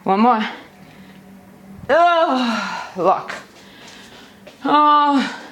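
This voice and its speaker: A fairly high-voiced woman leads a live workout from home, firing off exercise cues and countdowns with lots of energy. She speaks slowly and deliberately, stretching out her instructions, and her breathing shows the effort now and then. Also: expressive, fairly bright tone, slight background noise. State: out of breath at times. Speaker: fitness instructor. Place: home, near a busy street.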